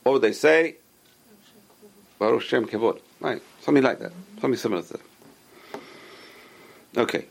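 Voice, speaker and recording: A man leads a casual Torah lesson in a voice with a gravelly rasp. He explains patiently, repeats his key points and poses questions only to answer them himself. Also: medium pitch, lively intonation, moderate pace, pauses often, slight background noise. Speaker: rabbi teaching a class.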